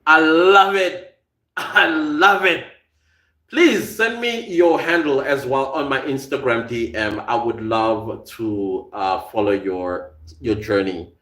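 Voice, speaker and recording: Animated South African man in an echoey room. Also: medium pitch. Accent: South African with an American tinge. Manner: animated, laughs often, reads viewer comments aloud. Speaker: podcast host reading live chat. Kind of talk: casual live-stream chat.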